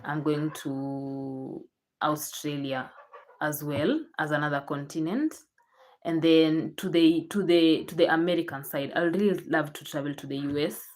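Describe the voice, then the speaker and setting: Young Kenyan woman, low voice, chatty vlogger who repeats herself and restarts. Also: fairly even intonation, unhurried, darkish tone. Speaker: YouTuber. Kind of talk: casual chat to camera.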